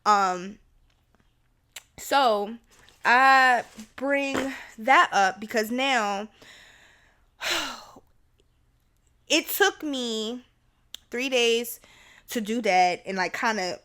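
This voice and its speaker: This is a young woman speaking to her podcast listeners in a candid, confessional monologue. Her voice is bright and sharp. She keeps it casual and blunt, with plenty of fillers and the odd curse. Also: fairly high pitch, drawn-out words, pauses often, clean tone. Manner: frank and chatty, with swearing and filler words. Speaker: podcast host.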